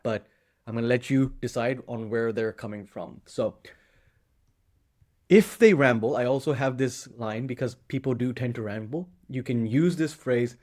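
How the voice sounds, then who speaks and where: A man's voice: medium pitch, normal speed, darkish tone. Direct, emphatic male sales coach. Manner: direct, emphatic, acts out sample lines. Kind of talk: instructional talk to camera.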